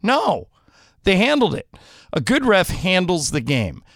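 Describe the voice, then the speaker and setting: A man's voice: high voice, huge pitch swings, measured pace, fairly bright tone, no room sound, clean studio sound. A man co-hosting a sports radio show, arguing his opinions emphatically. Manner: emphatic, argumentative.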